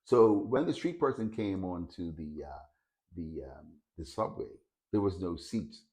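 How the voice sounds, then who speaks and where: Male storyteller, casual and hesitant, lowish voice, repeats words often. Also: expressive, unhurried, a little mellow. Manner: hesitant, repeats words while finding them.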